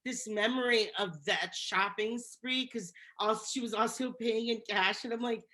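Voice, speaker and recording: A woman's voice: on the high side, moderate pace, sharp tone. A woman co-hosting a podcast, chatting casually and animatedly about reality TV, often laughing and restarting her sentences. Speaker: podcast co-host. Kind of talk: casual chat recapping reality TV.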